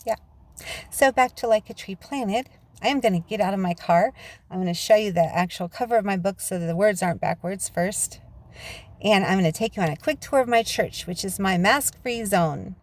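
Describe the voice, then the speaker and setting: A woman's voice: medium pitch, normal speed. A woman vlogging from inside her parked car on a handheld phone, talking in a chatty, rambling monologue that drifts into rants and digressions, with frequent laughs. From United States. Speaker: vlogger and author.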